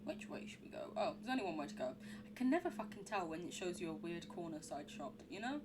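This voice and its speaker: A woman's voice: on the low side, sing-song, fast, background noise. A young woman streaming a horror game, chatting in a giggly, rambling way. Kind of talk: live game commentary.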